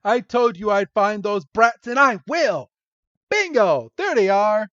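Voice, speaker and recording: A man voicing a bossy, irritable adult female cartoon villain, snapping his lines in a raised, shouty voice over dull lo-fi podcast audio. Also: high voice, very animated, normal speed, no room sound. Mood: irritated.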